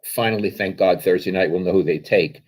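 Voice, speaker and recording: A man's voice: deep voice, fairly quick, slightly rough. A man co-hosting a casual sports talk show, conversational and reacting briefly. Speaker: co-host.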